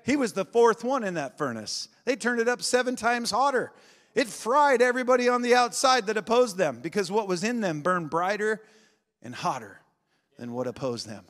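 A man preaching a revival sermon, swinging between shouting and quiet intensity and laughing often. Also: high-pitched, expressive, normal speed. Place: large church sanctuary. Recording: long reverb of a big hall.

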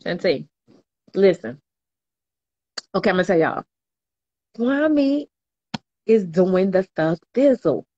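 A woman's voice: fairly low pitch, sing-song, slow, pauses often, dark tone, muffled recording. A woman, chatting casually on a livestream and reading viewer comments aloud with slangy laughter. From New Orleans, US. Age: 20s. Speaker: livestream host.

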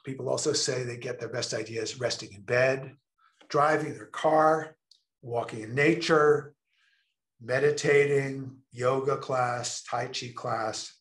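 A man giving an enthusiastic online presentation, stressing key words slowly and deliberately. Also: medium pitch, steady tone, fairly bright tone, roomy sound.

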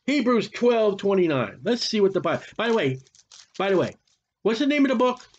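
Man, high voice, fiery sarcastic preacher, muffled lo-fi sound. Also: sing-song, brisk. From United States. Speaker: Bible teacher. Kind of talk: fiery Bible study sermon. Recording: muffled lo-fi recording.

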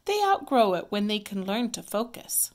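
A woman voicing a gentle, loving mother in a storybook read-aloud, soft, slow and tender. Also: medium pitch, very animated, close to an everyday voice.

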